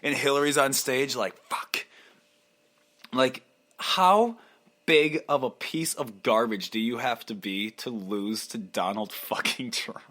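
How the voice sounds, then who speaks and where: A man's voice: mid-range voice, unhurried, a bit bright. Foul-mouthed young man rambling on a podcast. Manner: crude, profane, rambling with frequent laughs; mocking impressions of people. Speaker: podcast host. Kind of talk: solo rambling podcast monologue.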